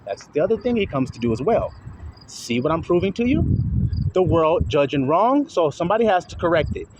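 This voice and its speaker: A man's voice: on the high side, big pitch swings, fairly quick, noisy background. A man preaching outdoors in a confrontational, profane way, firing rhetorical questions while walking. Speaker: self-styled religious teacher. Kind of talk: street preaching monologue.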